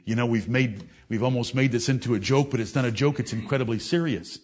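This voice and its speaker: A man preaching a fiery sermon, swinging between loud, raised declaiming and low, intense reasoning, and scolding his listeners directly. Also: fast talker.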